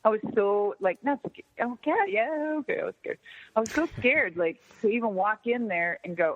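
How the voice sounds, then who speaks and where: A woman in her fifties, a guest in a phone interview, telling a story in an animated, profane way and acting out the dialogue. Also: medium pitch, moderate pace. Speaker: interview guest, former wrestler. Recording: tinny phone line with long reverb.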